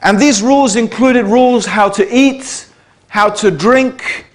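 British male speaker with a high voice, addressing a live audience in a chatty lecture style. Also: slow pace. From Britain. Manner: conversational, checks in with the audience. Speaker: speaker giving a talk to an audience. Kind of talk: public lecture.

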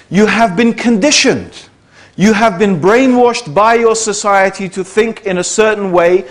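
British male speaker with a high voice, addressing a live audience in a chatty lecture style. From Britain. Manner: conversational, checks in with the audience. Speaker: speaker giving a talk to an audience. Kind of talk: public lecture.

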